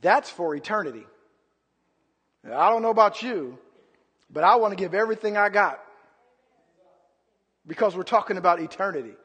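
High-voiced impassioned male preacher. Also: expressive, moderate pace, long pauses, husky, big-room sound. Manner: impassioned, swinging between loud outbursts and low murmurs. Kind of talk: sermon.

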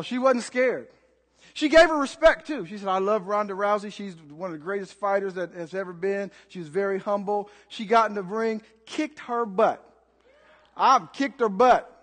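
High-voiced man preaching in a hall. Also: a bit bright. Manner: emphatic, call-and-response exhortation. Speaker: pastor. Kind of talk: sermon.

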